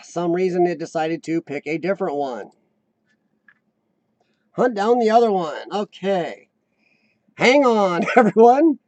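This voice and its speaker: Brief: American man hosting a live chat stream, high-pitched, rambling and talkative, dry close mic. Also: animated, unhurried, pauses often, a little mellow, no echo. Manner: chatty, rambling, reads chat aloud.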